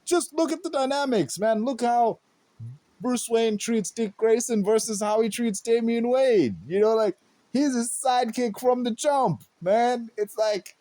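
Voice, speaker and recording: A man's voice: on the high side, darkish tone, dry recording. A man hosting a podcast alone, talking casually and rambling with lots of fillers. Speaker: podcast host. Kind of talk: casual solo podcast commentary.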